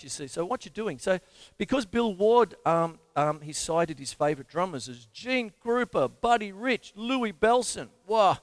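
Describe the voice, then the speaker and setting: A man's voice: high-pitched, lively intonation, unhurried, dry recording. Eager Australian man teaching drums. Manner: enthusiastic, rambling, scats drum patterns and counts aloud. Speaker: drum teacher and show host. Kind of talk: live-streamed drum lesson.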